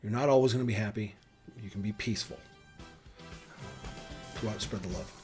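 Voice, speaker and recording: A man's voice: lowish voice, fairly quick, slightly rough, faint music behind. A middle-aged man ranting casually to his daughters in a rambling way, full of fillers and restarts. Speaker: vlogger speaking to his daughters. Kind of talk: casual rambling rant to camera.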